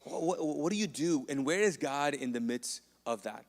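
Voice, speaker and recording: A man's voice: on the high side, lively intonation, moderate pace. A male pastor preaching a sermon in a loose, conversational way, joking and asking the congregation questions. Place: church hall. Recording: long church reverb.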